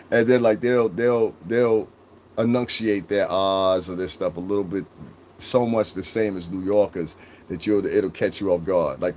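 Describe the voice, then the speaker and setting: A man's voice: on the low side, slight background noise. A young man from Connecticut with a mixed New England and New York shoreline accent, chatting loosely on a livestream, swearing, laughing and answering chat. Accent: Connecticut shoreline, New England and New York mix. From Connecticut, USA. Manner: rambling, profane, laughs often, reads and answers chat. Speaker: livestream host.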